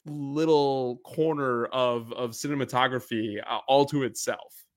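A man who is a guest contestant on a quiz, talking in a relaxed, easygoing and slightly self-deprecating way. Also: mid-range voice, measured pace. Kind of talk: casual chat.

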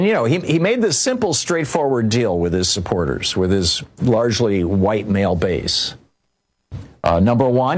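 An older man telling a personal story in political commentary, rambling with many restarts and fillers. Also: mid-range voice.

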